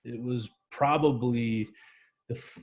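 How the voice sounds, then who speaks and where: A mid-pitched man, a veteran guest, recounts a personal memory in an interview. He tells it vividly and acts out the voices and sounds in it. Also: steady tone, slow. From United States. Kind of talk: emotional personal storytelling.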